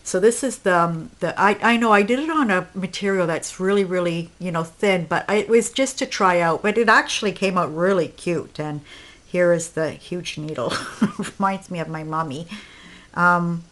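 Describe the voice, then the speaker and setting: A woman's voice: fairly low pitch, normal speed, fairly bright tone. A woman crafting vlogger showing her projects in a casual, rambling talk full of fillers and restarts, short of breath. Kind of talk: casual show-and-tell vlog.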